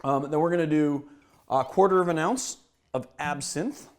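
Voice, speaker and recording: Mixing and shaking drinks as he talks, a cocktail show host leads a relaxed lesson in a fairly high voice at a moderate pace. He is chatty and self-deprecating, a little out of breath.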